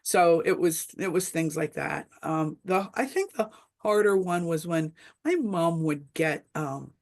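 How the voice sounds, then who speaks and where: A middle-aged woman shares her story in a casual webinar discussion. Her voice carries a gravelly, creaky edge. She talks in a reflective, meandering way, full of ums and restarts. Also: lowish voice, measured pace. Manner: reflective storytelling with many fillers. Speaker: webinar panelist.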